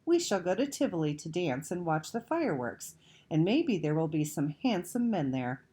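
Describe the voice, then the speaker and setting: A woman's voice: fairly low pitch, very animated, normal speed, mellow. A woman voicing a kind, sensible ten-year-old girl in a storybook reading, patient and coaxing. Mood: playful pretend. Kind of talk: read-aloud storybook acting.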